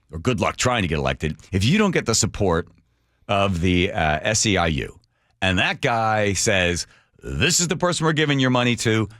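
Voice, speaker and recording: A man's voice: deep voice, a bit bright, no room sound, clean studio sound. A middle-aged man hosting a radio talk show, delivering a sarcastic, mocking monologue and acting out quotes in a raised voice. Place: radio studio. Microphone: studio microphone.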